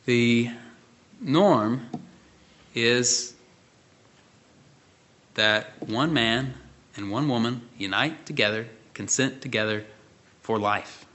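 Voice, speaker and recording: A man preaching a measured sermon, pausing often with fillers. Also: mid-range voice, a bit bright. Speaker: pastor. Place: church.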